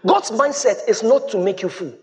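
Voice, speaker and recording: A man preaching a sermon as pastor, quoting scripture and breaking into shouts. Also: sits high, lively intonation, normal speed.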